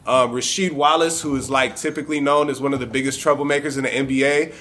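Bright-voiced man telling a story. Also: medium pitch, fast, few pauses. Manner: conversational, profane, amused. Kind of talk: live personal storytelling.

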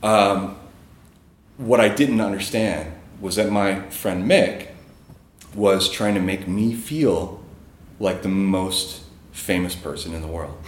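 A man's voice: on the low side, echoey room, slight background noise. A man telling a personal story on stage in a casual, chuckling way, with many fillers.

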